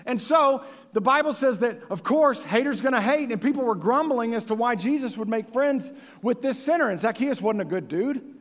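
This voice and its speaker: A man with a high, voice preaches with passion. His delivery swings from near-whispers to booming emphasis. Long reverb trails every phrase, as in a large hall. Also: lively intonation, normal speed. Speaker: pastor. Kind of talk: sermon.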